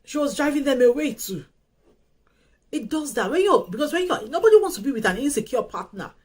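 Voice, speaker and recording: A woman giving casual advice on love, animated and emphatic, often repeating herself. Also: high voice, a little fast, low-quality recording. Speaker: host.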